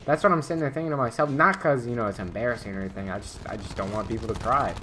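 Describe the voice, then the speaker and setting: Brief: young male streamer, mid-pitch, casual and meandering, stumbles and restarts often. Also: rapid-fire, background noise. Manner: rambling, filler-heavy, lots of restarts. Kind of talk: casual storytelling while gaming.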